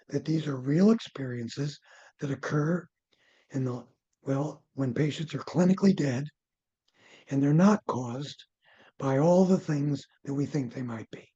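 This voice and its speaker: An older man, a near-death researcher and former physician, telling case stories as an interview guest, lively at times and dropping to soft low asides. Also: slightly rough, highs cut off. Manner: animated storyteller, drops to soft low asides.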